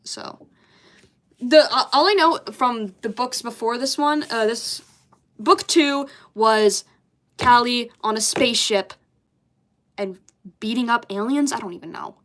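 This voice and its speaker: A woman's voice: on the high side, measured pace, long pauses, fairly bright tone. A young woman in casual chat, bemused, swearing often and laughing at herself as she goes through old childhood drawings. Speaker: artist reviewing her childhood comics.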